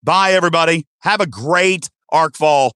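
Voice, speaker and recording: A man in his thirties hosts a casual podcast with a bright, forceful voice recorded dry and close. He is playful and animated, and his pitch leaps high whenever he gets excited. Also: normal speed, clean tone, no echo. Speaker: podcast host.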